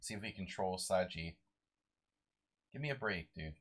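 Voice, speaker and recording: A man's voice: sits low, lively intonation, normal speed, fairly bright tone. A sleep-deprived man streaming a live chess game, muttering moves to himself and chatting with viewers.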